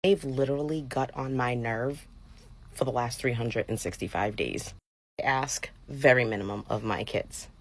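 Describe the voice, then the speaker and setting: A mother with a strikingly deep, gravelly voice speaks to camera. Her tone is firm and matter-of-fact, with a raspy edge. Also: moderate pace. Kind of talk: casual rant to camera.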